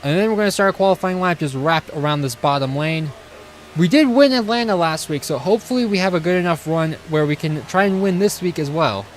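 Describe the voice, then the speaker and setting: A man's voice: fairly high pitch, a little fast, a little hiss or hum. Eager male racing-game streamer. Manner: eager, casual, talks to chat. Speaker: gaming streamer. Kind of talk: live gameplay commentary.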